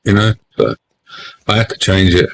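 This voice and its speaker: A man's voice: sits low, sing-song, moderate pace, creaky, a bit bright, a little hiss or hum. Blunt, sweary London man. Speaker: live stream guest. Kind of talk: casual chat.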